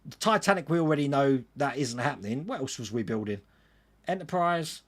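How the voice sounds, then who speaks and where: A man's voice: mid-range voice, expressive, brisk. A man hosting a casual livestream, reading out viewer comments and answering them in a chatty way. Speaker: livestream host answering chat.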